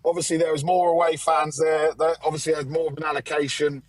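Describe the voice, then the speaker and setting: A man's voice: a little high, fairly even intonation, fairly quick, few pauses, dry recording, low-quality recording. A man from England calling in by phone from the roadside after a match, chatting about football with jokey, mock-outraged banter. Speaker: fan show regular calling in. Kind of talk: casual football chat.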